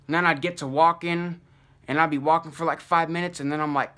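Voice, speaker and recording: A young man recounts a personal misadventure in loose, slangy talk, swearing freely and tossing in asides. His voice sits a touch high and rings bright and punchy. The delivery is animated and peppered with fillers. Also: brisk. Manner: profane slang-heavy, animated, many fillers. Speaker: channel host telling a personal story. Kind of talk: casual storytelling to camera.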